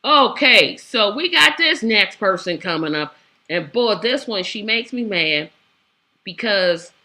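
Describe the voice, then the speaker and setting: A woman's voice: medium pitch, pushed and bright. A woman hosting a political commentary show, talking in a sassy, exasperated way and hammering her points with repetition. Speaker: show host.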